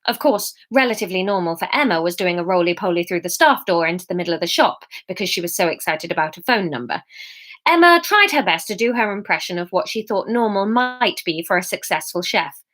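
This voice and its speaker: A woman reading her own novel aloud as a serial, expressive and self-mocking. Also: fairly low pitch, a little fast.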